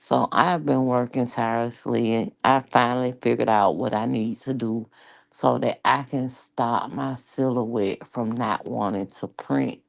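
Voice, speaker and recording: A woman with an Atlanta accent rambles to her viewers in a loose, chatty vlog, cursing as she goes. Her voice sits very low and gravelly, and she takes her time. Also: steady tone, unhurried. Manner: rambling, chatty, swearing freely. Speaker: YouTube vlogger. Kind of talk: casual chat to viewers.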